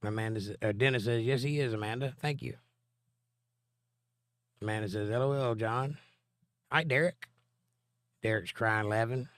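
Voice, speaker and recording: A man's voice: on the low side, fairly even intonation, moderate pace, pauses often, clear, resonant tone, dry recording, clean studio sound. A man with laryngitis hosting a live stream, reading viewer comments aloud and answering them with long Bible explanations. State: hoarse from laryngitis. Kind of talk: casual live-stream chat and Bible teaching.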